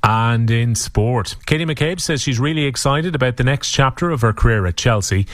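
A male sports newsreader works through the results in a steady, measured read. His voice sits at an ordinary middle pitch. The studio sound is dry and close. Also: no room sound. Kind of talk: scripted sports bulletin.

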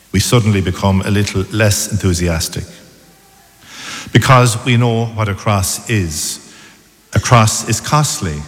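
Man preaching in a reverberant church. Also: lowish voice. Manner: measured, calm homily delivery in short phrases. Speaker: priest. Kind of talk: sermon.

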